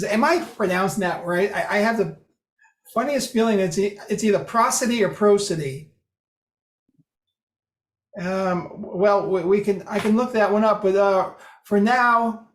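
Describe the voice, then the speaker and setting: A presenter talks an online group through a lesson in an easygoing, conversational way, often stopping to restart a sentence. The voice sits at an ordinary middle pitch. It comes through a video call with a noticeably roomy echo.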